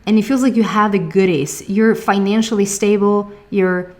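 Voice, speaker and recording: A woman's voice: mid-range voice, moderate pace, a little mellow. A woman with a Swedish accent giving a casual tarot reading, chatty, laughing often and searching for words. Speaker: tarot reader.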